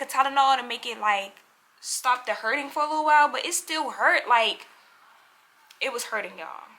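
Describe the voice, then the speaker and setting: Young woman vlogger, bright high-ish voice, animated storytime delivery, talks straight to the viewers. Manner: acts out other people's lines in quotes. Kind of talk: storytime vlog.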